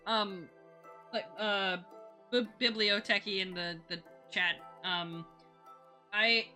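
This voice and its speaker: High, bright-voiced woman rambling on stream. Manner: rambling and giggly, laughs often between thoughts; retells others' lines in quick playful voices. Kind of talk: casual chat while drawing on a live stream.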